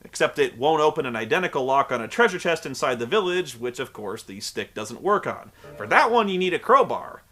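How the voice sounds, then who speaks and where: Sarcastic, animated male game reviewer. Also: mid-range voice, a little fast, few pauses, soft background music. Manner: sarcastic, exasperated, profane. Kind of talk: comedic video game review.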